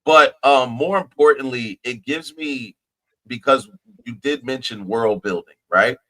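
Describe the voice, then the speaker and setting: A man's voice: medium pitch, unhurried, a bit bright, poor audio. A man from New Jersey co-hosting a podcast, chatting casually about movies with lots of restarts and repeated words. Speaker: podcast co-host.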